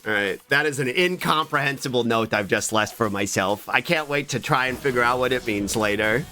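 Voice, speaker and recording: A man's voice: medium pitch, brisk, bright, forceful tone. A man streaming a video game, joking around crudely and swearing as he plays. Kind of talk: casual gameplay commentary. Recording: game music behind the voice. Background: game music.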